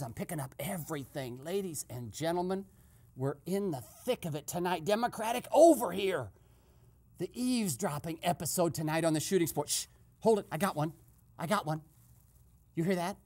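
A male host doing a comic eavesdropping skit, giving a hushed, gleeful play-by-play that breaks into sudden excited outbursts. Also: fairly high pitch, normal speed.

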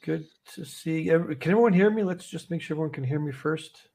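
A man's voice: fairly high pitch, brisk, creaky, warm tone, slightly rough. A man from Canada hosting a casual trading livestream from an office, chatty and easygoing as he walks through charts. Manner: chatty, easygoing, laughs often.

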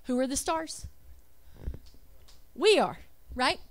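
Taking her time, a woman with an animated high voice presents an emphatic religious talk with slides. Rhetorical questions, lists read aloud, and self-corrections run through her delivery.

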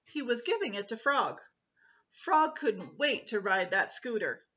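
A woman, a preschool teacher, reading a picture book aloud to children in a slow, expressive way. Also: on the high side, muffled recording.

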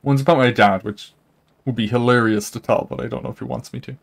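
A man's voice: quick pace, gravelly. A young man chatting casually with his chat while he plays a game, rambling, saying "like" a lot and laughing often. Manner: animated pitch jumps, laughs often. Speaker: streamer. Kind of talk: casual live-stream chat while gaming.

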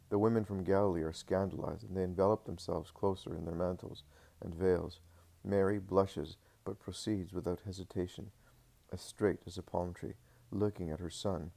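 Brief: male audiobook narrator, very low and gravelly, steady solemn reading. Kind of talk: scripted narration of a religious text.

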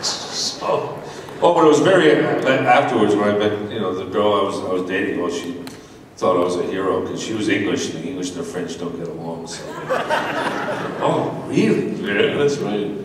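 Brief: American male panel guest in his 60s, rambling and animated storyteller. Recorded far off in an echoing hall. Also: low-pitched, moderate pace, heavy background noise. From United States. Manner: rambling, animated anecdote with laughs and restarts. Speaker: convention guest actor. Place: large convention hall. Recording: echoey hall audio from far off.

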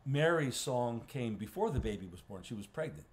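A man, a pastor, teaching a Bible study in a conversational way, clearing his throat often and restarting phrases. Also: medium pitch, lively intonation, a little fast. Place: church. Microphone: livestream recording.

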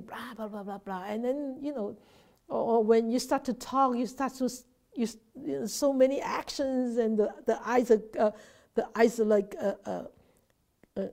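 Teaching an informal Dharma class on a video call, a Buddhist nun speaks in a dark-toned, slightly high voice at a measured pace. Her delivery is conversational, with frequent restarts, repeated words, and check-ins with her audience.

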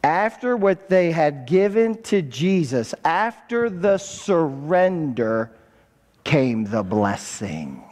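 A man's voice: a little high, very animated, takes it slowly, darkish tone. A man preaching a sermon as pastor, calling for responses from the congregation and repeating words for emphasis. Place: church sanctuary. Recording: church hall reverb.

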